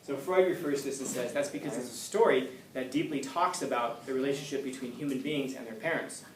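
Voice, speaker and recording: A man with a mid-range voice teaches a laid-back class, talking a little fast as he tells a story, plays its characters, and jokes with students. A distant room mic captures him from far off in an echoey classroom, with a little hiss or hum.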